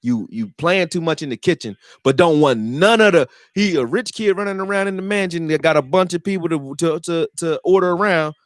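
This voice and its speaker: Man, football commentary, casual rant, profane, high lively voice, dry sound. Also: fairly quick, few pauses, dry recording. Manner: animated, profane, acts out quotes. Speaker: fan commentator making football videos.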